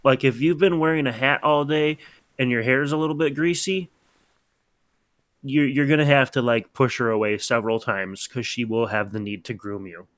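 A man co-hosting a casual podcast, telling animated stories and acting out his pet's voice. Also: medium pitch, moderate pace, dry recording, studio quality. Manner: animated storyteller, acts out his cat's voice. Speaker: podcast co-host. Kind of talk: casual chat.

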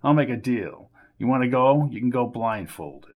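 A man's voice: mid-range voice, animated, moderate pace, phone-quality sound, close to an everyday voice. A man voicing an older, boastful schemer who needles everyone in a smug, self-important way. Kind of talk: audiobook character voice.

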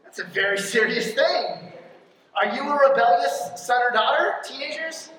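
A pastor giving a conversational sermon, often checking in with the congregation with a quick question, and punching key lines hard. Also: medium pitch, expressive, fairly bright tone, a little hiss or hum. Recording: very echoey hall, mic from far off.

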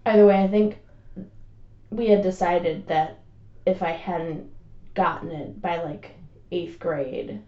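A woman's voice: on the low side, takes it slowly, long pauses, reverberant, dull audio. A young woman co-hosting a casual podcast, chatty and joking with lots of fillers and laughter. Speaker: podcast co-host.

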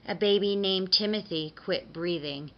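A woman reading a dark story aloud in an expressive, dramatic way, on a dull lo-fi recording. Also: lowish voice, measured pace.

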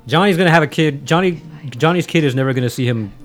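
A man's voice: fairly high pitch, quick pace, faint music behind. Wry man asking questions in chat. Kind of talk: casual movie reaction chat.

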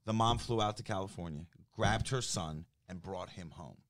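Worked-up storyteller, New Jersey accent. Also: male voice, low voice, moderate pace, a bit bright. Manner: acts out both sides of phone calls, gets worked up. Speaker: business development director. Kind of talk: animated storytelling in casual chat.

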